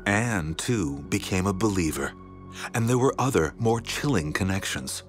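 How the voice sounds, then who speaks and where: A man giving measured, dramatic scripted narration for a documentary. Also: low voice, expressive. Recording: music bed underneath.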